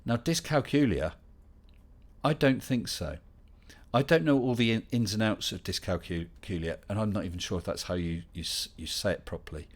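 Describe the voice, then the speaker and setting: A man's voice: on the low side, animated, normal speed. A middle-aged man hosting a casual live Q&A stream, chatting and reading out viewer questions with dry humor.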